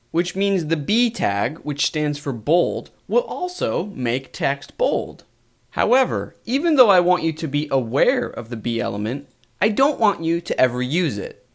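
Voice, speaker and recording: A man teaching web development in a screencast coding lesson, explaining things in a measured way with emphasis on key points. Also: fairly high pitch.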